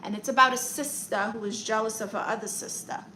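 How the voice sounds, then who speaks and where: A young Brooklyn woman speaks on the high side with fairly even intonation and a sharp tone, over poor audio with slight background noise. She has a New York accent and reads viewer comments aloud on a casual home live stream, answering with sassy, playful quick comebacks.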